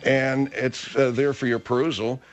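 A man's voice: mid-range voice, flat delivery, unhurried, highs cut off, soft background music. A male talk radio host speaking in a wry, meandering, self-deprecating way.

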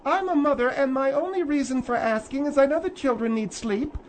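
A man in falsetto as a prim, nosy old lady. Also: a little fast, slight background noise. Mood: scolding. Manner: preachy, scolding. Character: prim, nosy older woman, a mother.

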